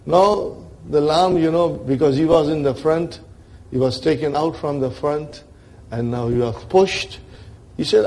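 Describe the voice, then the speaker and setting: A man's voice: fairly high pitch, measured pace, a little mellow. A man teaching an Arabic grammar lesson to a class, checking in with his students often and acting out the grammar as characters.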